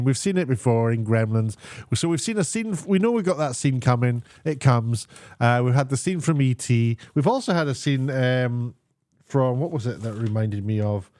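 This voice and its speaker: A man giving a casual spoken TV review, sarcastic and meandering, often pausing to search for words. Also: medium pitch, darkish tone, dry recording, studio quality.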